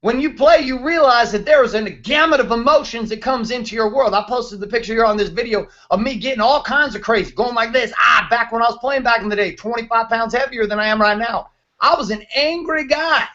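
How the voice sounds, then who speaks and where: A man's voice: extremely high pitch, brisk, pushed and bright, lo-fi sound. A man in his thirties hosting a show, ranting bluntly and emphatically with plenty of profanity. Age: 30s. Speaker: host, motivational speaker. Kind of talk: fired-up motivational rant.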